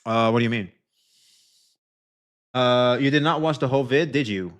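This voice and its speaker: A man's voice: medium pitch, moderate pace. A man streaming live and reacting to a video, talking straight to his chat in a loose, profane way full of restarts. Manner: addresses chat directly, frequent restarts and swearing. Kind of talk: livestream reaction commentary.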